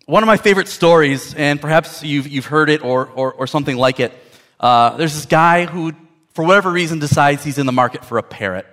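Cast: pastor, man, a bit higher-pitched, folksy storytelling sermon, repeats words while building a point. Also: fairly quick, fairly bright tone.

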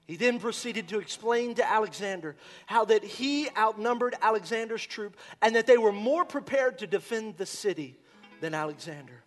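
An impassioned male pastor preaches a sermon in a fairly high voice. He swings from loud shouts down to near-whispers, with soft guitar music under him. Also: moderate pace.

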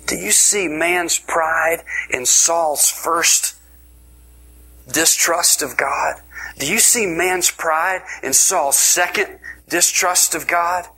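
A male preacher delivering an energetic sermon with a bright, forceful tone and a husky, breathy edge. His pitch sits a little high, and he leans hard on emphatic repetition. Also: slow pace, low-quality recording. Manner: energetic, emphatic, repeats words.

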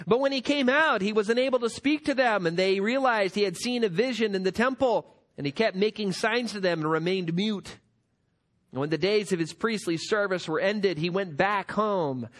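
A man's voice: high voice, moderate pace, fairly bright tone. A man preaching a sermon as pastor, emphatic and full of rhetorical questions.

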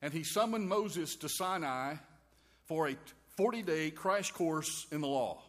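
A man's voice: a little high, animated, measured pace, a bit bright. Folksy preaching man in a reverberant hall. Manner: folksy, wry preaching with homey quips. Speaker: pastor. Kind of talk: sermon. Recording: long reverb of a large hall.

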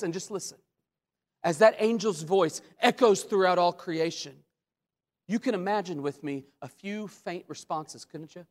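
Preacher with booming questions and hushed asides. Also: male voice, measured pace. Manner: dramatic rising and falling delivery, sudden loud questions and hushed asides. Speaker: pastor. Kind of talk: sermon. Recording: long hall reverb.

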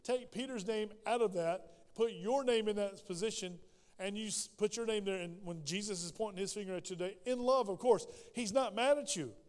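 High-voiced man preaching in a church. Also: normal speed, in a large hall. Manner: animated preaching, acts out voices in quoted prayers. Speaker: pastor. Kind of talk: sermon. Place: church sanctuary.

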